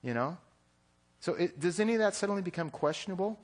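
Male pastor, slightly high voice, chatty sermon delivery, keeps asking the room "right?". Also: expressive, quick pace. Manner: conversational, jokey, checks in with listeners.

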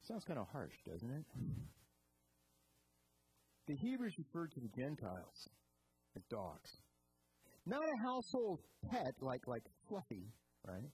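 Earnest preacher working through a scripture passage, dropping low and rising emphatic. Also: sing-song, moderate pace, pauses often, a little mellow, slightly rough, poor audio. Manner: earnest, asks rhetorical questions. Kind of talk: expository sermon.

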